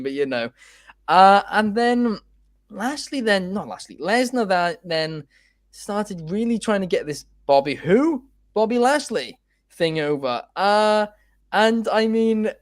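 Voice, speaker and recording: Chatty man with a bright voice. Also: a little high, no room sound. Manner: chatty, frequent fillers and restarts. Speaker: podcast co-host. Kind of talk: casual chat.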